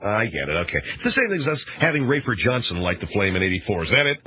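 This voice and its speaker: A man's voice: fairly low pitch, big pitch swings, fast talker, a little hiss or hum. A man hosting a radio talk show, rambling through a sarcastic, mock-outraged monologue. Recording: dull, dry radio broadcast.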